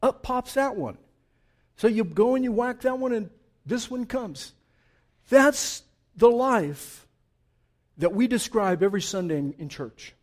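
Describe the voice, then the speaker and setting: A man preaching a sermon as pastor, reading scripture dramatically, swinging from loud declaiming to hushed tones. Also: high-pitched, expressive, unhurried, pauses often.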